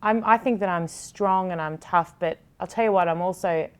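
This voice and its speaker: A woman with a slightly low voice talks openly in a podcast chat. She is candid and heartfelt, and she swears freely when she feels strongly. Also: moderate pace, clean tone. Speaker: TV sports show host.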